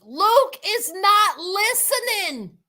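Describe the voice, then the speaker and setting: A woman giving sassy, animated commentary on a reality show, talking straight to her viewers. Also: very high-pitched, very slow. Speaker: reality TV recap host. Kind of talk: casual recap commentary to viewers.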